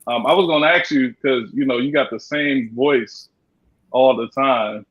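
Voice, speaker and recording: A man's voice: mid-range voice, a little slow, fairly bright tone, slightly rough. A man guest in a casual chat, laid-back and teasing, with loose slangy talk. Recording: dull lo-fi audio.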